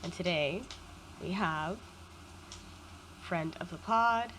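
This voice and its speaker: Woman co-host, bright voice, playful and giggly, faint background hiss. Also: fairly low pitch, slow. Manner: giggly, playful, jokes in a whisper. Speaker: podcast co-host. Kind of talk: casual chat.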